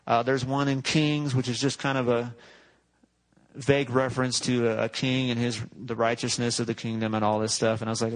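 A man's voice: medium pitch, moderate pace, poor audio. A male pastor preaching a sermon in a conversational, joking way, often correcting himself mid-sentence.

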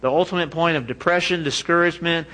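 A man preaching a sermon in a lively, joking way, often laughing at his own asides. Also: a little high, fast talker, low-quality recording. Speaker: pastor.

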